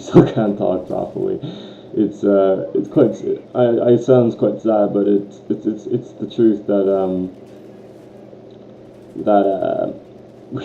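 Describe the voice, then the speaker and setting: A man's voice: lowish voice, creaky, mellow. A teenage boy with an Irish accent, rambling to camera with many ums and short laughs. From Ireland. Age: teens. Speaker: student vlogger. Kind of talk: casual rant to camera. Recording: lo-fi, echoey room, faint hiss.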